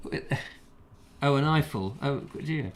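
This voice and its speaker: A man's voice: mid-range voice, animated, slow, over a noisy crowd. Male host; rambling, self-deprecating, musing live chat. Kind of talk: casual live show chat.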